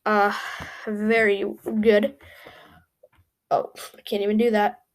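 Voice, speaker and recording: A woman's voice: mid-range voice, level tone, takes it slowly. Woman, mid-range voice, offhand thinking-aloud commentator, lots of "um"s. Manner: rambling and thinking aloud, with frequent "um" and self-corrections. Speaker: YouTube creator ranking hockey goalies. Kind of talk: casual commentary while building a tier list.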